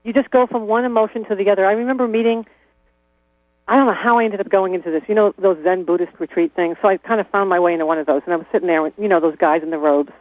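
A man's voice: high-pitched, steady tone, rapid-fire, no room sound. A man talking casually as an interview guest, chatty, laughing often and restarting his sentences. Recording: tinny phone-like line with mains hum.

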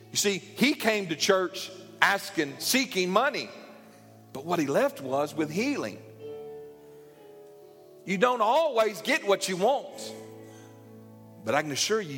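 A man preaching to his church in a highish voice, pressing his points with repeated phrases. His words ring out with the long reverb of a large sanctuary. Soft instrumental music plays faintly beneath him. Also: very animated, slow pace, pauses often. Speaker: pastor. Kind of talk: sermon.

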